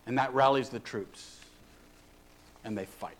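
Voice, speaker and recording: A man's voice: mid-range voice, measured pace, a little hiss or hum. A man preaching a sermon as a pastor, emphatic and exhorting his listeners.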